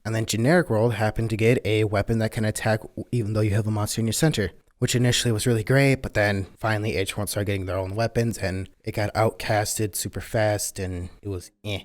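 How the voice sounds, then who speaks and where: A man's voice: lowish voice, steady tone, fast, hardly any pauses. A man co-hosting a casual card game podcast, wry and joking, with sarcastic asides and mild grumbling. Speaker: co-host.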